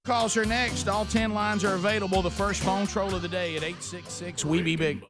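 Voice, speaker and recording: A man hosting a talk radio show, speaking earnestly with many halting restarts. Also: high voice, steady tone, over music. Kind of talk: casual talk radio chat. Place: radio studio. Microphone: studio microphone.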